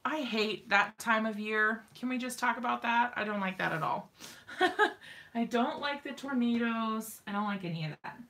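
Home crafting streamer, woman: bright, slightly high voice, unhurried chatty delivery, lots of fillers and little laughs. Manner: chatty, giggly, lots of ums and likes. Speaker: crafting live-stream host. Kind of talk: casual live-stream chat.

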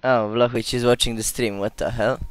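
A man's voice: medium pitch, steady tone, fairly quick, clear, resonant tone, no room sound. A man, streaming a game and bantering with friends in a profane, teasing way. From Serbia. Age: 20s. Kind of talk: casual gaming stream chat.

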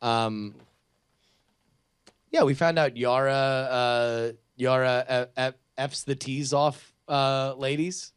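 A man talks through TV opinions in a loose, rambling podcast chat, circling back on himself with lots of "like" and "you know". His voice is smooth and clean, at an ordinary pitch. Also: fairly even intonation, slow. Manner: rambling, many restarts and fillers. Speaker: podcast co-host. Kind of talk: casual chat.

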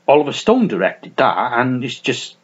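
A man chatting casually to camera about his film collection, rambling and swearing with many restarts and self-mocking asides, in a small warm room at home. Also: medium pitch, very animated, normal speed, husky, highs cut off. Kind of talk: casual unscripted chat to camera.

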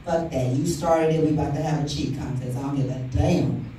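A woman's voice: very deep voice, fairly even intonation, fairly quick, dark tone, slight background noise. A woman in her thirties doing a stand-up set, brash and profane, teasing the crowd. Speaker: stand-up comic. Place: comedy club stage. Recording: echoey club room from far off.

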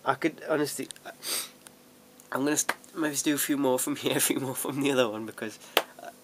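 Talking a little fast in a mid-range voice over background noise, a young man rambles through a casual home vlog while sorting DVDs. He's chatty and self-mocking, laughing often and restarting sentences.

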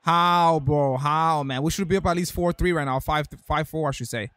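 Young guy streaming a soccer game, higher voice, dry close mic, all hyped up talking to chat. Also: fast talker, dry recording. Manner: hyped, slangy, talks to chat. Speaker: gaming streamer. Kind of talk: live-stream gameplay commentary.

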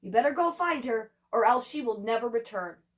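A woman's voice: on the high side, lively intonation, fairly quick, natural voice. A woman doing exclaiming, scolding village neighbors. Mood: alarmed. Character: gossiping, alarmed villagers.

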